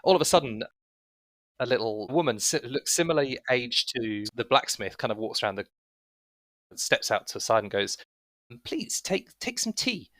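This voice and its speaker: A man's voice: medium pitch, normal speed, a bit bright, dry recording. A man narrating as game master, describing scenes in a loose, rambling way with many fillers.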